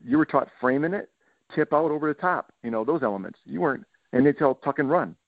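This middle-aged football coach from Michigan talks fast in a slightly high voice during a podcast interview. He tells stories animatedly and acts out what his players said, over a tinny, phone-like, dry line.

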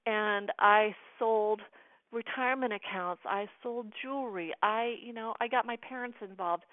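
A woman's voice: mid-range voice, no echo. A middle-aged American woman telling a personal story as an interview guest, earnestly acting out the dialogue she quotes. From United States. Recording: tinny phone line.

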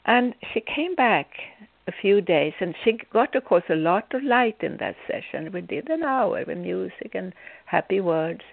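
With a medium-pitched, expressive voice carrying some vocal fry, a female spiritual healer delivers an inspirational talk a little slowly. She tells her stories with theatrical flair and humor, acting out scenes, over a dry, tinny, phone-like recording.

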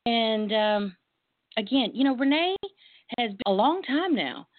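A woman with a Texas twang hosting a relaxed, chatty talk show, laughing easily. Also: on the high side, unhurried, no echo. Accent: Texas Southern. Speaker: host. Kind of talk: casual chat. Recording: tinny phone-like line.

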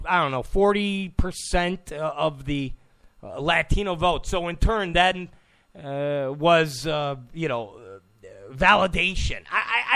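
A man's voice: high-pitched, a bit bright. A man hosting a political talk show, giving an opinionated monologue, emphatic, repeating phrases and stammering on restarts.

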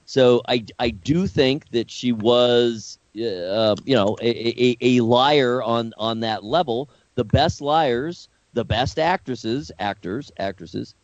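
A man's voice: medium pitch, slow, hardly any pauses, dry recording, highs cut off. Reflective man musing on a podcast. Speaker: podcast co-host. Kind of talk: casual interview conversation.

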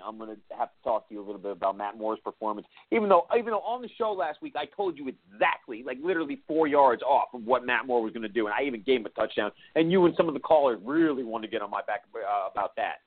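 A man co-hosting a sports talk show, boastful and argumentative, talking fast. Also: fairly low pitch, dry recording. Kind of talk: sports radio banter. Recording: tinny phone-like line, dry.

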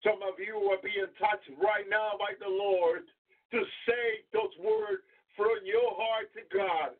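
A man's voice: sits high, expressive, slow pace. A man preaching a fervent sermon, repeating praises and crying out to the Lord between his points. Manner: fervent, repetitive, punctuated with hallelujahs and cries to the Lord. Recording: tinny phone-like audio.

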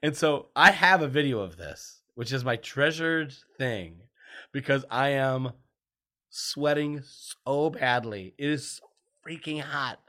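A man's voice: mid-range voice, expressive, slow pace, bright, forceful tone. A man, a guest, telling casual stories, chatty and self-deprecating, laughing often. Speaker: guest, TV writer. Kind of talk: casual storytelling.

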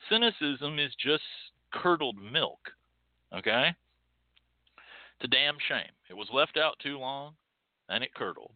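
Over a tinny, phone-like line with no echo, a Texan man hosting a podcast launches into an opinionated, scolding monologue. His mid-range voice is animated yet unhurried, broken by long pauses, and he drives his points home emphatically while imitating others in mocking quoted voices.

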